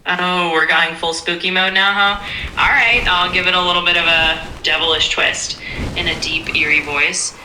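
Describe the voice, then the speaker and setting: Bright upbeat AI assistant woman's voice. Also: fairly low pitch, normal speed, echoey room, slight background noise, rough recording. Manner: upbeat, smooth and agreeable. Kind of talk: chatbot replies.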